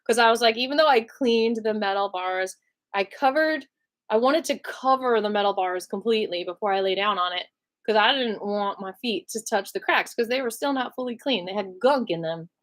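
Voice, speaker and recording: A woman telling a story in a casual storytime vlog, chatty and animated, laughing often and using lots of fillers. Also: mid-range voice, moderate pace. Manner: animated retelling with many fillers. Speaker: vlogger.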